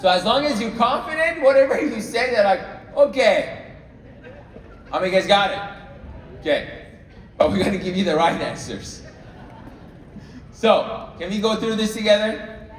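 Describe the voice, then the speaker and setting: A man's voice: high voice, lively intonation, normal speed, pauses often, slight background noise. Man coaching a crowd in an echoey hall. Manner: coaching, checks in with the audience often. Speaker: sales trainer. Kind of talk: live training talk to a room. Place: large room with an audience. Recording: echoey hall, mic far off.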